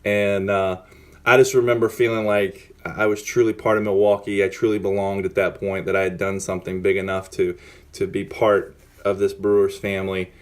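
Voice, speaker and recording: A man with a fairly low voice tells an old baseball story in a loose, casual way. He sounds amped, tripping over himself with restarts and repeated words as he goes. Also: little pitch movement, normal speed. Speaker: former pitcher telling a story.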